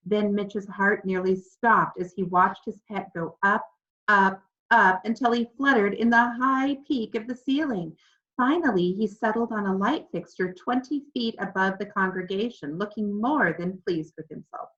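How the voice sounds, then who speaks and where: A woman narrating a children's storybook with clear, expressive delivery. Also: medium pitch, measured pace. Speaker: audiobook narrator. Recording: slightly dull lo-fi recording.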